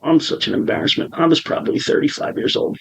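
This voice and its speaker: A man's voice: fast, poor audio. Profane, rambling man in his forties. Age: 40s. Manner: profane, rambling storyteller with many restarts. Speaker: podcast host. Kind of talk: casual podcast chat.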